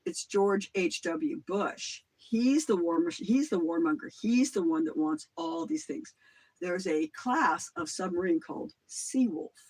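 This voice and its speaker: A middle-aged host talking through a casual livestream monologue. The voice is husky, and the pitch swings widely as the talk rambles from claim to claim with casual swearing. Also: very animated, measured pace, low-quality recording.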